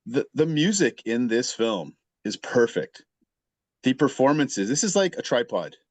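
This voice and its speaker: A man's voice: medium pitch, big pitch swings, unhurried, no echo. A man giving emphatic, opinionated takes on movies in a casual podcast chat. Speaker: podcast guest critic.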